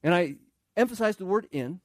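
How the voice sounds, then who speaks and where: A pastor with a high-pitched male voice delivers a sermon in an easy, conversational way. He often restarts and repeats phrases and throws questions out to the congregation. The sound is dry and close, with almost no room echo. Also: expressive, brisk.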